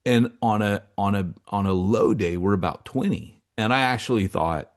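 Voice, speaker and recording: A man's voice: fairly low pitch, moderate pace, hardly any pauses. A man co-hosting a podcast, telling stories in casual, slangy chat with lots of asides. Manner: animated storyteller, slangy, fond of asides. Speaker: podcast co-host.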